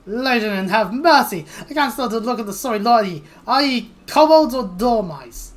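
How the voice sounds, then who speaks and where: A woman voicing a blunt, rough-talking adventuring woman who scolds with old-fashioned "ye" speech. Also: mid-range voice, lively intonation, brisk, lightly acted. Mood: brash. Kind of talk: reading game dialogue aloud.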